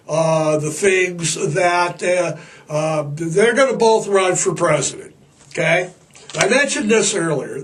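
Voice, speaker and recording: A man hosting a podcast in a rambling, irreverent comic monologue, profane and stammering over fillers. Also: high-pitched. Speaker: podcast host.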